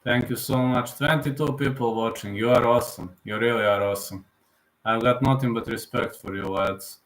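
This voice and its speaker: A man's voice: medium pitch, steady tone, moderate pace, reverberant, low-quality recording. A man in his thirties hosting a live fight reaction stream, talking in an emotional, repetitive fan manner. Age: 30s.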